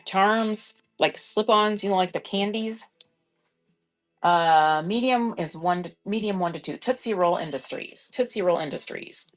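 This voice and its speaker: A woman's voice: mid-range voice, measured pace, soft background music. Chatty woman selling live online. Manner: chatty, rambling, thinks aloud while checking sizes. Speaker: online reseller selling on a live shopping app. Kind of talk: casual live-stream selling chat.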